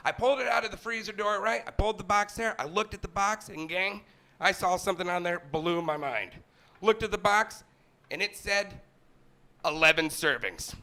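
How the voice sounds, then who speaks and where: Bright-voiced man doing stand-up. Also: a little high. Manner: sarcastic, playful storytelling. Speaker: stand-up comedian. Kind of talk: stand-up comedy set.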